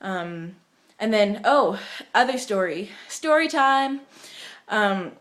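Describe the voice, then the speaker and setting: A woman's voice: mid-range voice, lively intonation, slow, fairly bright tone. Chatty young woman vlogging at home. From United States. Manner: chatty, rambling, many fillers. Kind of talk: casual vlog storytelling.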